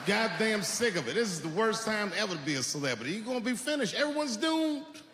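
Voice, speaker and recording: Brief: high-voiced male comic, profane, shouty peaks, big hall reverb. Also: expressive, fast talker. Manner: profane, swings from muttering to shouting. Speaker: stand-up comedian. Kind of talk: stand-up comedy. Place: stage before a live audience. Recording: long hall reverb, noisy live room.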